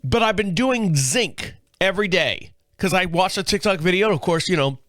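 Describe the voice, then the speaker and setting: A man's voice: high voice, expressive, moderate pace, a bit bright, no room sound, clean studio sound. A man in his fifties hosting a show, telling rambling, profane stories while sick with a cold and a sore throat. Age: 50s. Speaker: podcast host. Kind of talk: casual chat monologue.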